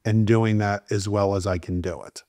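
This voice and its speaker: A man's voice: fairly low pitch, fairly even intonation, moderate pace, dark tone, no room sound, studio quality. A man in his late fifties being interviewed, speaking in a reflective, earnest way with frequent "like". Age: 50s. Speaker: guest. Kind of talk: casual interview talk.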